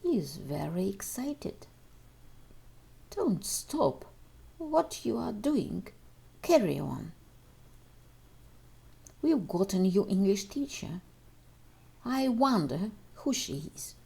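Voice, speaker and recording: This English teacher, whose first language is Russian, reads homework exercises and answers aloud to children and speaks to them directly in a recorded walkthrough. Her mid-range voice is sing-song, gravelly and dark, with a breathy edge. She speaks slowly and pauses often.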